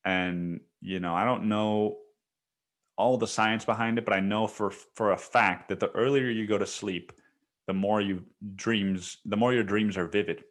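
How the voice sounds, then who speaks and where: A man's voice: lowish voice, steady tone, measured pace. A young man hosting a solo podcast, telling a story in a rambling, profane way with many restarts. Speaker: podcast host.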